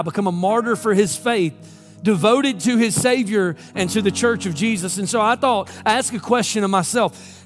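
A male pastor with a high voice delivers an impassioned, emphatic sermon. He keeps throwing rhetorical questions at the congregation, and soft music plays faintly underneath.

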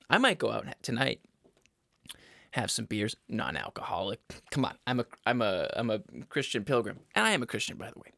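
A man's voice: medium pitch, vocal fry, fairly bright tone, no room sound, studio quality. A young man hosting a casual solo podcast, rambling and profane, drifting into side notes and laughing at himself. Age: young adult. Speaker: podcast host.

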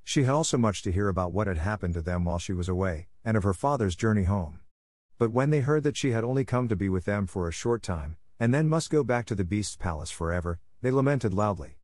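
A man's voice: fairly low pitch, animated, quick pace, a little mellow, no room sound, studio quality. A man steadily reading a fairy tale aloud as narrator. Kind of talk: storybook read-aloud.

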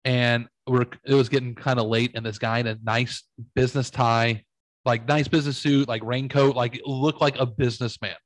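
A man in his thirties hosts a loose, casual chat, swearing freely as he spins a story and slips into the voices of the people he quotes. His voice sits at an ordinary pitch. The sound is close and dry, with no room around it. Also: steady tone, moderate pace, dry recording, rough recording. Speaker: podcast host.

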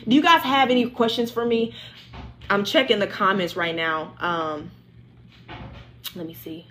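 A woman's voice: medium pitch, a little slow, fairly bright tone. A woman leads a livestreamed Bible study in a mid-range voice, preaching with fervor and repeating lines for emphasis. She moves into spoken prayer over her listeners. A faint ambient hiss sits behind her. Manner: impassioned, repetitive preaching with prayer.

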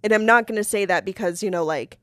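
A young woman hosting a podcast, telling a personal story in a candid, animated way, swearing and laughing between many fillers. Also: medium pitch, quick pace, no room sound, studio quality. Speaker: podcast host.

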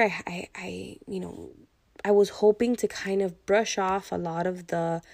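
A woman's voice: medium pitch, vocal fry, darkish tone, no echo. Candid woman podcaster, dry close sound. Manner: candid, rambling, full of "you know" and "like". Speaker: podcast host. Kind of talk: casual personal podcast monologue.

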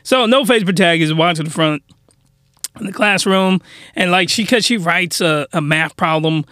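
High-voiced slangy young man. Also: moderate pace, no room sound, studio quality. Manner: slangy, animated, mock outrage. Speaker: anime reviewer. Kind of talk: comedic recap.

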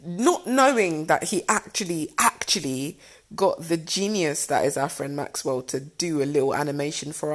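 A young woman casually telling a personal story, lively and full of fillers, often jumping into a squealing high voice to act out what was said. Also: creaky. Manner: animated, many fillers, acts out quotes in a squealing high voice. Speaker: storyteller recounting her proposal.

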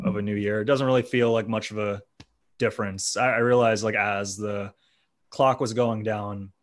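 Laid-back man hosting a podcast. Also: lowish voice. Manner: laid-back, laughs often. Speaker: podcast host. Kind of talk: casual podcast chat.

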